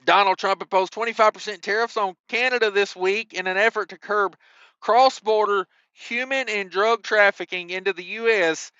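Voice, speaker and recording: A man's voice: high voice, steady tone, moderate pace, bright, forceful tone, clean tone, dry recording, muffled recording. A man hosting a trucking news show, reading stories and breaking off into wisecracking asides with mild cussing. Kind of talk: reading news with joking commentary.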